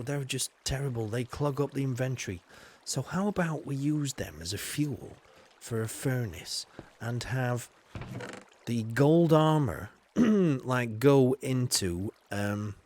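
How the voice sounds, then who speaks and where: A man's voice: medium pitch, darkish tone, slight background noise. Chatty man streaming gameplay. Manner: chatty, greets viewers by name, frequent ums and you-knows. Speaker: live streamer. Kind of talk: live gameplay commentary.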